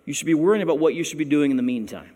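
A man preaching a sermon, wry and conversational, leaning into words with playful emphasis. His voice sits a little high for a man. The sound carries the long reverb of a large hall. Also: rapid-fire, warm tone. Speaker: pastor.

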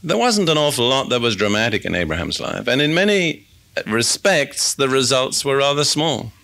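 Bright-voiced man preaching a sermon. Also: medium pitch, sing-song, normal speed, gravelly. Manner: conversational teaching, reads scripture aloud. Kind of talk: expository sermon.

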